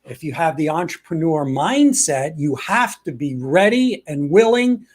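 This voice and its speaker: A man's voice: fairly high pitch, big pitch swings, a little slow. A man co-hosting a casual talk show, drawing business lessons in a coaching tone. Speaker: podcast co-host. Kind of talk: casual chat.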